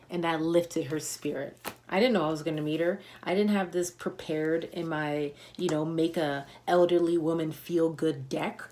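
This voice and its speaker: A woman's voice: sits low, steady tone, normal speed, a little mellow, slight background noise. A woman giving a motivational livestream talk, coaching listeners with emphatic, repeated affirmations and punchy slang.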